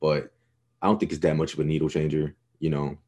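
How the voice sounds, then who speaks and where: A young man with an extremely deep, dark and mellow voice, co-hosting a sports podcast. He talks in a loose, rambling way and swears freely. His tone stays laid-back and casual. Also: little pitch movement, a little fast, breathy edge. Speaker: podcast co-host.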